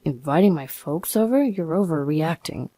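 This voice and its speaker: A woman's voice: deep voice, lively intonation, normal speed, mellow, no room sound. A woman voicing a smug, lazy, bossy young husband who talks down to his wife. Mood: dismissive. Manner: dismissive and scolding.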